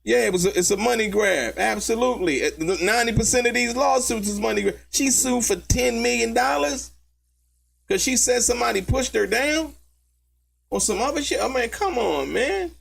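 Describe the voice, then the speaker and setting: Animated, gravelly-voiced male commentary host. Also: very high voice, moderate pace. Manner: animated, mocking, laughs often, slangy. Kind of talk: live commentary on court testimony.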